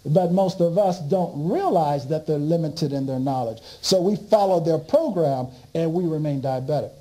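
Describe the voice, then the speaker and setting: A man giving a lecture, telling an animated story and laughing along with it. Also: on the high side, normal speed, rough recording.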